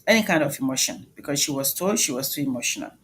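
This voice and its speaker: A woman's voice: low-pitched, expressive, fast talker, fairly bright tone, slight background noise. A woman with a Nigerian accent giving an emphatic motivational talk, questioning the audience directly. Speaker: speaker, doctor.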